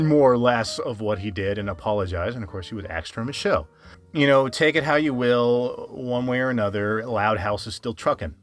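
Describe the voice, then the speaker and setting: A man with a somewhat low voice talks casually through a cartoon review and speaks straight to his viewers. He stumbles, repeats words and restarts his thoughts often, while faint music plays underneath. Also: a bit bright. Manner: rambling, frequent restarts and fillers; chatty, addresses viewers directly. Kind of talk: casual commentary over a speedpaint.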